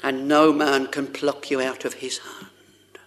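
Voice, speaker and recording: A man's voice: medium pitch, level tone, slow pace, a bit bright. A man preaching a sermon, addressing the congregation with rhetorical questions and old-fashioned scripture wording.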